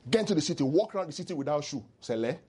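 A man preaching a sermon as pastor, animated and teasing, leading the congregation in call-and-response. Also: a little high, very fast.

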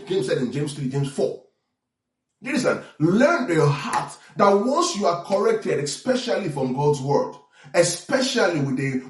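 Animated male preacher, echoey room. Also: on the high side, distant mic. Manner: animated preaching with call-and-response asides. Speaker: pastor. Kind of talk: sermon.

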